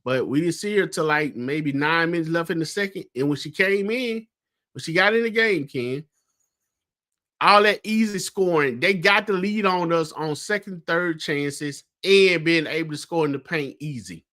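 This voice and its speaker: A man with a high-ish, pushed, bright voice speaks at a moderate pace as co-host of a casual sports talk show. He recounts what he saw at a game conversationally, using many fillers.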